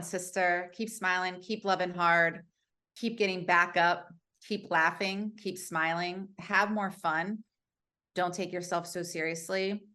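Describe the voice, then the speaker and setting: A woman author talking as a guest on a podcast, her voice a little on the low side. She speaks earnestly and encouragingly, with frequent restarts and "you know"s as she works through her thoughts. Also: fairly bright tone. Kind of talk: casual interview chat.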